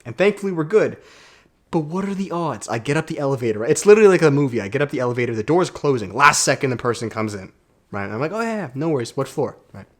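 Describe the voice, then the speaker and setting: Young man, self-development vlogger, casual, energetic, slangy storytelling, quiet room. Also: medium pitch, fast. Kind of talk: casual talk to camera.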